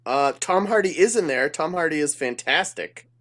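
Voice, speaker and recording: Man, slightly high voice, casual podcast chat, rambling, swears a lot. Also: lively intonation, normal speed, a bit bright. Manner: rambling storyteller, swears freely. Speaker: podcast co-host.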